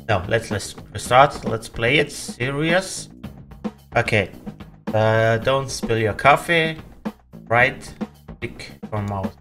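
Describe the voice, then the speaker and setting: A man's voice: medium pitch, slow pace, pauses often, fairly bright tone, soft background music. A man hosting a let's play, commenting on his game, often laughing and pleading at it. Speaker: gaming channel host.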